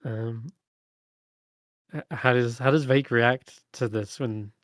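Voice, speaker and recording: A man narrating as dungeon master in a tabletop game, halting and self-correcting, laughing often. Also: mid-range voice, fairly even intonation, a bit bright, no room sound, studio quality.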